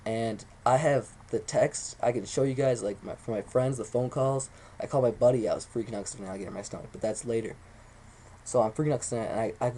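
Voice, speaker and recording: A young man rattles off a rambling, excitable story, his speech quick and dotted with swearing. His voice sits mellow and warm rather than bright. A faint hiss of background noise runs under the recording. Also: mid-range voice. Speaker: vlogger. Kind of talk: casual storytelling to camera.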